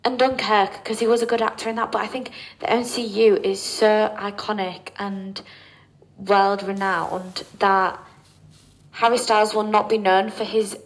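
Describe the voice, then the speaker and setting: A young woman co-hosting a podcast who tells stories in an animated way and shares playful, strong opinions. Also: medium pitch, a little slow. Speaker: podcast co-host. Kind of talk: casual chat. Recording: echoey room.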